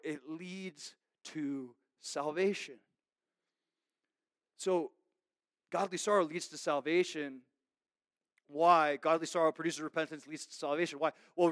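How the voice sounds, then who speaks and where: High-voiced man preaching an earnest sermon. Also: dry recording, studio quality. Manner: earnest, conversational preaching with frequent "okay?" check-ins; swings between emphatic raised lines and soft, low asides. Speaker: pastor.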